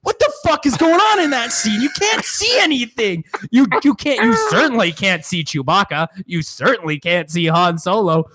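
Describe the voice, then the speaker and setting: A man's voice: high-pitched, moderate pace, hardly any pauses, no room sound. A young man co-hosting a casual movie review podcast, ranting with lots of swearing and laughter. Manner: profane, laughing, animated ranting. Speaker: podcast co-host.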